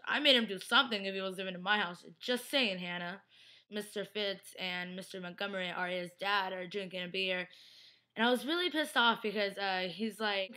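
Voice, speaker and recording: Chatty young woman with a bright voice. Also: medium pitch. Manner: chatty, rambling, heavy use of "like"; slips into quick impressions of characters. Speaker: vlogger recapping a TV episode. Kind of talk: casual recap vlog.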